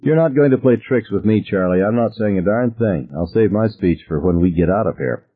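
A man putting on a teenage boy, shrill, frantic, defiant, tinny phone sound. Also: animated, brisk, breathy edge. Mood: scornful. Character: panicked teenage boy, defiant then hysterical.

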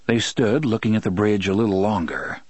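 A man reading a novel aloud in steady, measured storytelling narration. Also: fairly low pitch, no echo. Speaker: audiobook narrator. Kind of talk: scripted narration.

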